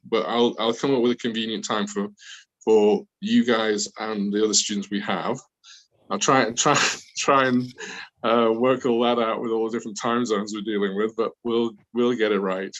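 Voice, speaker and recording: A man's voice: mid-range voice, rough recording. A middle-aged man from the north of England with a Northern English accent, addressing new students in a chatty, rambling way full of restarts. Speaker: English teacher. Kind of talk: online class introduction.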